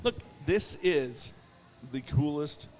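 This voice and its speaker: A man co-hosting a beer podcast, animated and jokey, with emphatic asides. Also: fairly high pitch, slow, faint music behind. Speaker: podcast co-host. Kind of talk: casual chat.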